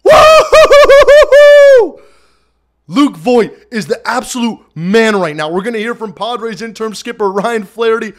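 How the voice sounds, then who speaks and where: A man hosting a fan postgame livestream, hyped and shouting, with loud cheering bursts, recorded at home. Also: sits high, normal speed, few pauses. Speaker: fan postgame show host. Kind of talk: excited livestream recap. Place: his apartment.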